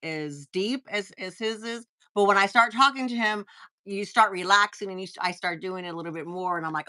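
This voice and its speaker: A woman's voice: medium pitch, a little fast, bright, forceful tone. A woman with a Texan accent hosting a casual live-stream chat, talking in chatty bursts with frequent restarts and reading viewer comments aloud. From Texas. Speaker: host.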